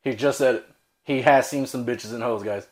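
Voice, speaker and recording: A man's voice: medium pitch, normal speed. A man co-hosting a podcast, teasing his partner with profane, joking banter. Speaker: podcast co-host. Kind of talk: casual chat.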